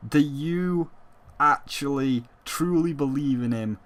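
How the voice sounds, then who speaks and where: A man's voice: fairly high pitch, slow pace. A young man giving casual, emphatic gaming commentary on his vlog, swearing freely as he argues his point. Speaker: gaming YouTuber.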